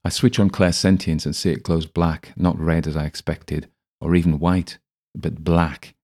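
Deep-voiced man narrating. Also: moderate pace. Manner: steady, even storytelling. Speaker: audiobook narrator. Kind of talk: first-person audiobook narration.

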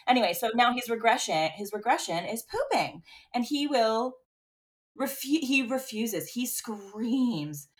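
A woman's voice: a little high, expressive, moderate pace. A woman in her thirties co-hosting a podcast, telling candid, rambling stories in casual chat and swearing freely. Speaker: podcast co-host.

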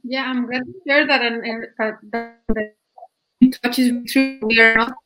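A woman responding thoughtfully in conversation, pausing to search for words. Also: fairly high pitch, flat delivery, poor audio. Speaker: conversation partner. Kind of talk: reflective conversation. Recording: faint music underneath.

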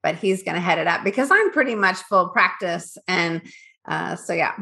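A woman in her fifties, a business owner from Northern California, telling her story in a candid, animated interview chat. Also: on the low side, normal speed, gravelly. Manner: candid and animated, acts out her past thoughts.

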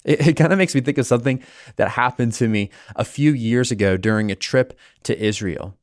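Speaking at a medium pitch and a slightly fast clip, a man from the United States hosts a podcast where he teaches the Bible in a conversational way. He tells a personal story along the way, animated and with small restarts, in studio-quality audio with no room sound.

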